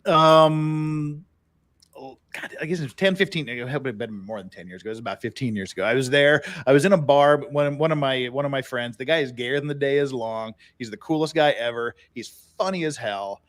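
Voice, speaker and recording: A man's voice: mid-range voice, brisk, fairly bright tone, dry recording. A man hosting a podcast, telling rambling anecdotes in a casual, easy-laughing way. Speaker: podcast host.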